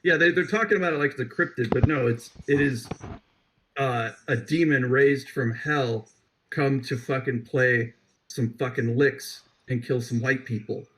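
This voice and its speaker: A man's voice: mid-range voice, normal speed, fairly bright tone, rough recording. A man co-hosting a podcast in casual, profane banter. He jokes, swears often and restarts his sentences. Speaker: podcast co-host.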